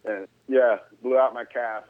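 A man's voice: mid-range voice, measured pace, no echo. A man, a former pro ballplayer, telling a story in a laid-back, slangy way as an interview guest, rising to disbelief at times. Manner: laid-back, slangy, animated when incredulous. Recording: tinny phone-like sound.

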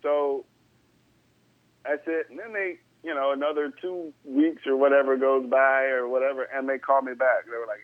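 A man's voice: medium pitch, normal speed, no room sound. A man's slangy tale on a tinny line. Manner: laid-back, slangy, animated when incredulous. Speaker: former pro baseball player, guest. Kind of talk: casual storytelling interview. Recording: tinny phone-like sound.

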